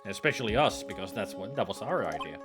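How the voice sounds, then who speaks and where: Over game music, a let's play co-player with a low-pitched, fast voice reads a story game's dialogue aloud. The casual commentary is animated and teasing, punctuated by frequent laughter.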